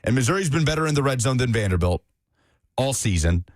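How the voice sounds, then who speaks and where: A man's voice: mid-range voice, animated, quick pace, no echo, studio quality. A man co-hosting a sports radio show, breaking down a game in casual talk with frequent fillers. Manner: analytical, hedging with fillers.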